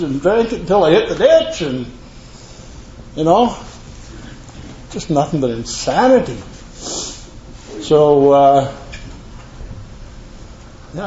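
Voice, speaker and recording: An older man with a higher-leaning voice and dark tone rambles through his personal testimony at a recovery meeting, telling his story earnestly to a live audience with folksy asides. The meeting room is echoey, and the lo-fi recording sounds dull with faint hiss.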